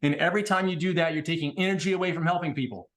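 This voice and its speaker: A man in casual podcast conversation, blunt and animated, swearing freely as he tells stories. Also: a little high, very fast. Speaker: podcast guest.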